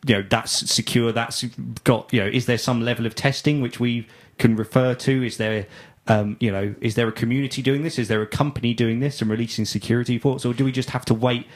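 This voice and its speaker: A man's voice: medium pitch, fairly even intonation. A man on a tech podcast panel, firing off probing questions one after another. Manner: probing, rapid-fire questions. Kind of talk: casual tech discussion.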